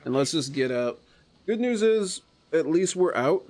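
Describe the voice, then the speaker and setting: Excitable man streaming a game. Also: fairly high pitch, measured pace. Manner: chatty and excitable, jumping between mutters and gleeful outbursts. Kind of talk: casual gameplay commentary.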